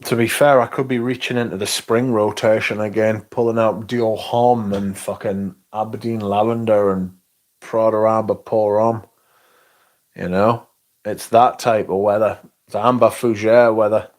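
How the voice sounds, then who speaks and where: A man's voice: fairly low pitch, little pitch movement, measured pace, darkish tone. A man hosting a casual livestream, reading out viewer comments in a laid-back, rambling way and swearing now and then. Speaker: livestream host.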